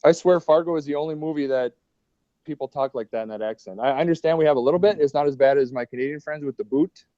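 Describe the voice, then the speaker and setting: A man's voice: a little high, fast talker, warm tone, no room sound, highs cut off. A man with a Minnesota accent on a casual video call, joking around and asking lots of questions. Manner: jokey, asks many questions. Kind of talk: casual chat.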